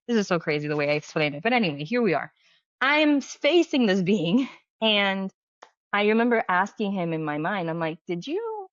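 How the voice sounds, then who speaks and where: A woman's voice: medium pitch, dry recording. Chatty middle-aged woman, lo-fi. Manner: chatty, filler-heavy, acts out quoted dialogue. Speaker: medium and healer, podcast guest. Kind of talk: casual storytelling interview. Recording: dull lo-fi dry sound.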